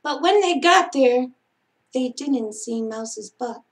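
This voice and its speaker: A woman librarian reading a bedtime storybook aloud to children, gentle and expressive, with little sound effects. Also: sits high, slow, a little hiss or hum.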